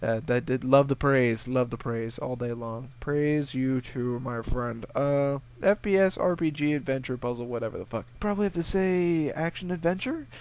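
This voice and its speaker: A man's voice: medium pitch, normal speed, few pauses, a little mellow, smooth. A young man answering viewer questions in a casual vlog. He swears freely and rambles through his stories. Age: young adult. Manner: profane, rambling storyteller who acts out voices. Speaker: gaming video creator.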